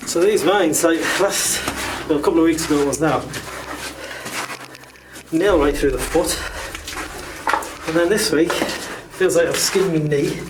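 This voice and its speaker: A man's voice: on the high side, unhurried, background noise. A man, chatting wryly and mocking himself as he explores underground mine passages, recorded on a camera mic. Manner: chatty, wry, self-mocking. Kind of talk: casual narration while exploring. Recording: music playing under the voice.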